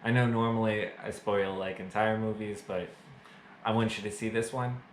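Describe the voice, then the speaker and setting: A man's voice: lowish voice, steady tone, moderate pace, reverberant, a little hiss or hum, low-quality recording. A man casually reviewing a movie to camera, chatty and full of fillers, with self-mocking jokes. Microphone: camera mic.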